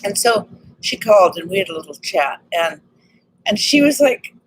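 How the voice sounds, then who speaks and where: A woman with a slightly raspy voice talks excitedly and earnestly in a casual personal vlog about healing. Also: mid-range voice, normal speed, a little hiss or hum, poor audio. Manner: earnest, excited, spiritual self-help talk. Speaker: vlogger.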